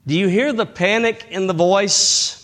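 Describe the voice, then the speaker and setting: A male pastor preaching a sermon dramatically, swinging between loud bursts and hushed tones. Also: high voice, unhurried.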